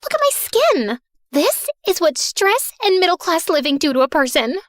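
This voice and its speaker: A young woman narrating her own animated story in first person, sassy, dramatic and sarcastic. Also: very high-pitched, normal speed, dry recording, studio quality. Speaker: narrator and heroine.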